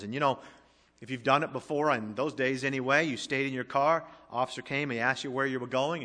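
A middle-aged man preaching a sermon, swinging from emphatic rising questions to quiet, intimate storytelling. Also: mid-range voice. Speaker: pastor. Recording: long hall reverb.

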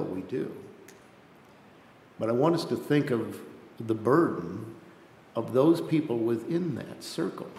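A man's voice: vocal fry, darkish tone. A man preaching a missionary sermon in an earnest way, often repeating words as he builds a point. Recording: echoey hall with faint rumble.

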